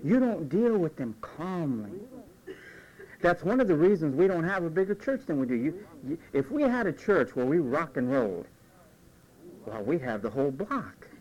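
A man's voice: fairly high pitch, normal speed, muffled recording. A man preaching a conversational sermon as pastor, acting out quoted voices along the way. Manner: animated, acts out quoted voices.

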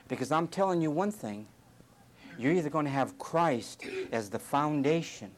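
Lively, animated male preacher. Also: mid-range voice, a little hiss or hum. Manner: animated, jokey, acts out quoted voices. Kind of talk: humorous sermon storytelling.

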